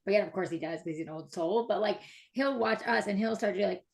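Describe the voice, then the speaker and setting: A woman's voice: mid-range voice, fast, vocal fry. Woman, 30s, casual chat, gushing, enthusiastic, filler-heavy. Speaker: mother and breathwork practitioner.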